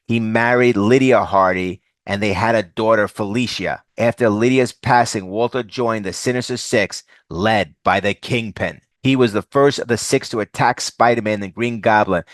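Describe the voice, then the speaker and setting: A man narrating a comic book summary, recounting the plot steadily. His voice is low and deep. The recording is close and dry. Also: normal speed, few pauses, dry recording. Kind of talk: scripted narration.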